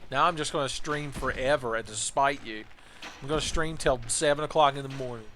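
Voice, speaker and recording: A man rambles through live game commentary, cracking jokes and swearing freely. His voice sits at a mid-range pitch and his delivery stays loose and offhand. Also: fairly quick, bright, forceful tone, slight background noise. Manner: rambling, joking, profane. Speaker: game streamer. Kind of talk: casual live-stream commentary.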